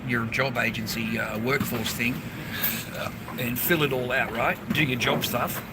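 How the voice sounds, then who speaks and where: A man's voice: medium pitch, steady tone, measured pace. A man with an Australian accent, vlogging casually from city streets, rambling and swearing often. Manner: rambling, swears a lot, says "man" and "mate". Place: outdoors on city streets and on a bus. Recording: loud traffic noise outdoors. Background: traffic noise.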